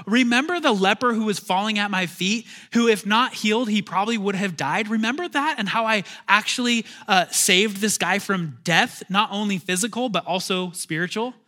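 Pastor doing a patient man gently scolding his friends, earnest and halting, light bright voice. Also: high-pitched, voice pushed up. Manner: earnest, halting, rhetorical questions.

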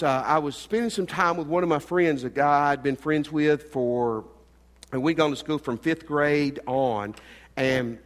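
Earnest preaching man in a reverberant church. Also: on the high side. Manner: earnest, swings between loud emphasis and quiet asides. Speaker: pastor. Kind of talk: sermon. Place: church sanctuary. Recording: long hall reverb.

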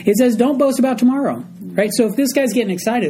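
A man's voice: very high-pitched, fast talker, mellow, a little hiss or hum, rough recording. A man teaching a group Bible study, explaining a passage verse by verse and often checking in with his listeners.

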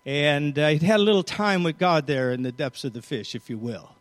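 A man's voice: a little high, fairly quick, in a large hall. A man preaching a sermon, retelling a scripture story and reading its verses aloud with changing emphasis.

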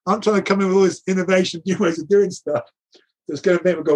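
A man's voice: high voice, fast, darkish tone, husky. A middle-aged man telling stories from his coaching career, laughing often and acting out the dialogue he quotes. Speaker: guest recounting coaching career. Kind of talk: animated anecdotal storytelling.

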